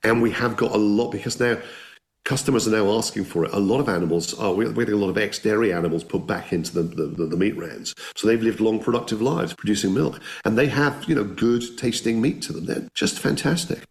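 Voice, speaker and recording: A fairly low-voiced man sharing stories as a guest in a casual interview. He talks with eager enthusiasm in a loose, conversational way, stumbling over restarts as his thoughts run ahead of him. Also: a little fast. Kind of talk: anecdotal storytelling.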